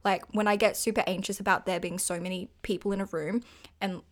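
A woman's voice: mid-range voice, little pitch movement, brisk. A young woman, chatting casually and giggling, joking about herself. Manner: giggly, chatty, self-deprecating. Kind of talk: casual chat.

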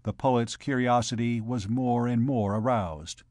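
A man narrating a classic novel as an audiobook in a steady, even reading. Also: mid-range voice, measured pace, dry recording, clean studio sound. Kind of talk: scripted narration.

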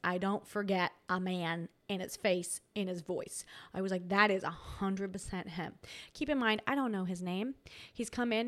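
A woman hosting a podcast, telling a personal story in an animated, dramatic way and acting out quoted voices. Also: mid-range voice. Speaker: podcast host. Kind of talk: casual storytelling.

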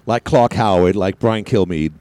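A man's voice: normal speed, no room sound. Male radio host, casual monologue, self-mocking, a little out of breath, very dry sound. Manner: rambling, self-mocking storyteller with lively pitch swings. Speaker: radio talk show host.

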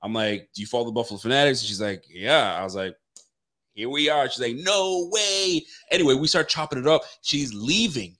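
A man's voice: mid-range voice, quick pace, a bit bright. A man co-hosting a sports podcast, chatting and telling stories in a laid-back way. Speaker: podcast co-host. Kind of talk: casual storytelling chat.

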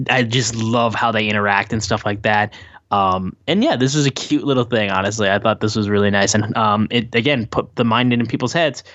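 A man co-hosting a wrestling podcast, chatting casually and rambling with lots of fillers, acting out quotes in higher voices. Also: fairly bright tone, no room sound, dull audio. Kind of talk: casual show recap chat. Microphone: his own mic acting up.

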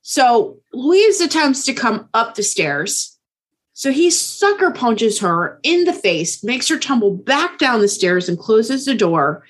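A woman's voice: on the high side, sing-song, slow, husky. Woman co-host, casual true crime storyteller, frequent check-ins. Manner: casual, keeps checking in with okay. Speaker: podcast co-host.

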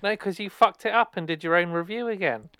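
Teasing, wry man with a smooth voice. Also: high voice, fairly quick, sharp tone, no room sound, studio quality. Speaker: podcast co-host. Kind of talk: casual podcast banter.

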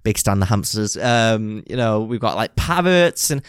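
A man's voice: fairly low pitch, lively intonation, moderate pace, clear, resonant tone, no room sound, studio quality. A young man co-hosting a podcast in casual, rambling chat, laughing often. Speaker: podcast co-host.

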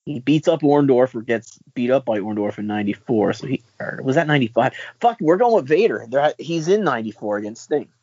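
A man on a casual podcast, joking and cursing while he thinks through quiz answers out loud. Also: mid-range voice, lively intonation, fairly quick, few pauses, husky, no room sound. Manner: profane, joking, thinks aloud. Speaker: podcast co-host, quiz contestant. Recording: dry, dull lo-fi sound.

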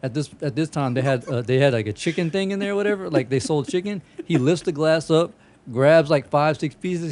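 A man's voice: sits high, moderate pace. A man in his thirties, a podcast host telling wild childhood stories in casual, profane chat and laughing often.

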